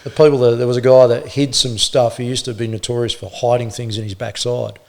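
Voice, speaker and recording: A middle-aged Australian man, a former police officer, telling animated stories in casual conversation and acting out the people he quotes. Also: mid-range voice, fairly quick. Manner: animated anecdotes, acts out quoted voices, laughs often. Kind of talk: casual storytelling.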